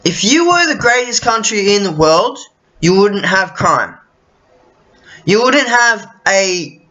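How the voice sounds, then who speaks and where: A man's voice: high-pitched, bright, forceful tone, muffled recording. An Australian man vlogging in a casual, profane, rambling rant full of restarts and fillers. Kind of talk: casual ranting monologue.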